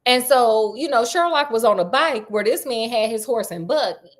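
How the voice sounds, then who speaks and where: A woman's voice: on the high side, expressive, moderate pace. A woman storyteller retelling a classic detective tale in a chatty, slangy way, talking straight to her listeners.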